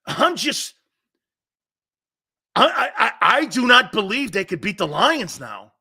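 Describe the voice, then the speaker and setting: A middle-aged sports talk show host offers blunt, animated opinions. His voice is fairly high for a man, slow, slightly rough, and full of vocal fry, swinging widely in pitch while he tells stories with loud bursts and sudden drops.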